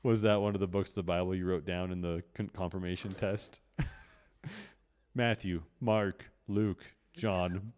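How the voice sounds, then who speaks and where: A man's voice: low-pitched, steady tone, unhurried, darkish tone. A man co-hosting a podcast in casual comedic chat, rambling with lots of "like" and restarts. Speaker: podcast co-host.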